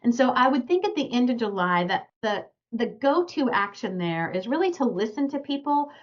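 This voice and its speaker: A woman's voice: a little high, very animated, normal speed, highs cut off. Earnest woman astrologer giving webinar advice. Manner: earnest, advising listeners directly. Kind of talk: webinar talk.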